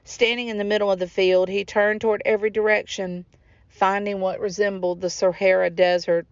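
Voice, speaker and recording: A woman author reading her own novel aloud in steady, measured narration. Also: medium pitch, dry recording. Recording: dull lo-fi recording.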